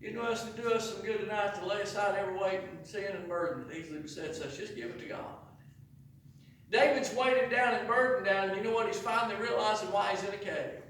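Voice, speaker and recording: A man preaching a sermon as pastor, rising to impassioned shouts and dropping low again. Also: quick pace, a little hiss or hum. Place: church sanctuary. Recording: echoey church from far off.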